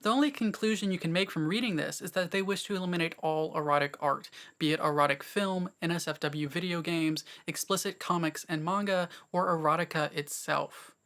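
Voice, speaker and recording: A man's voice: a little high, brisk, hardly any pauses, pushed and bright. A man presenting a scripted commentary video essay, making wry, sarcastic asides between points.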